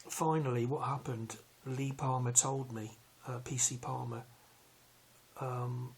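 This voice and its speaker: A man, telling a long personal story in a rambling, halting way with many fillers. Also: medium pitch, fairly even intonation, creaky, husky. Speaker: vlogger recounting a police arrest. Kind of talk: casual storytelling.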